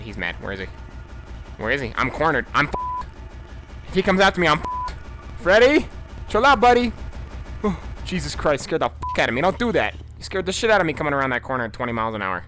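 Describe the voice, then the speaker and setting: Male gamer, fairly high voice, very animated, swearing, jumpy, faint music behind. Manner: excitable, profane, jumpy and easily spooked. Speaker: gaming YouTuber host. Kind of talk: casual gameplay commentary.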